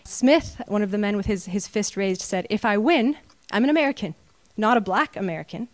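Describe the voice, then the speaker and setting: A woman's voice: medium pitch, fairly quick, dry recording. A woman preaching a sermon from slides, earnest and rising to emphatic peaks.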